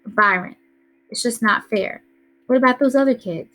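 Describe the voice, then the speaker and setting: A woman's voice: fairly high pitch, moderate pace, a bit bright, pitched above the performer's own voice, close to an everyday voice, rough recording. A woman reading aloud voices an anxious young boy who pleads and protests in distress. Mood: protesting. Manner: pleading, upset.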